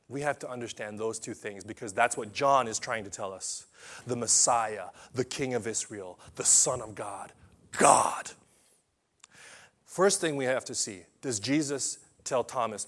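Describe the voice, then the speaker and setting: A male pastor preaching a dramatic sermon, swinging from loud declarations to quiet asides. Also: medium pitch, normal speed.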